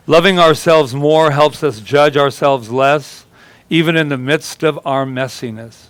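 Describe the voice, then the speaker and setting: With a fairly high, fairly bright voice and no room sound, a male minister takes his time through a chatty sermon. He tells stories with humor, voices the people he quotes, and laughs with the congregation.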